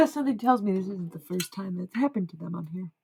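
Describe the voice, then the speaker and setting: A woman's voice: medium pitch, vocal fry, warm tone, a little hiss or hum, low-quality recording. A woman streaming live as a self-described medium, musing in a meandering way and often stopping to correct herself. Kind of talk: rambling livestream monologue.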